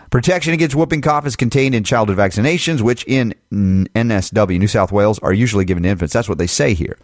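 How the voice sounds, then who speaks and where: A man hosting an opinionated talk-radio monologue, sarcastic and emphatic, firing off rhetorical questions and jumping into mocking high voices. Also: no room sound, clean studio sound. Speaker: talk show host.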